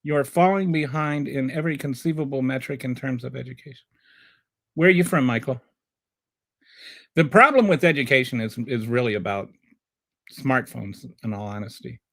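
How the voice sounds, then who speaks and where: A man's voice: mid-range voice, moderate pace, gravelly, pauses often, fairly bright tone. A man hosting a livestream who gives political commentary and answers live chat in a sarcastic, combative way, often rambling and restarting. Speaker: livestream show host.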